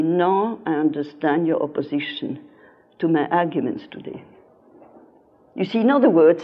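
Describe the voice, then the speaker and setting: A dull lo-fi recording captures an older woman, her voice fairly low and breathy-edged, giving a philosophy lecture full of personal teaching anecdotes, with key words earnestly emphasized.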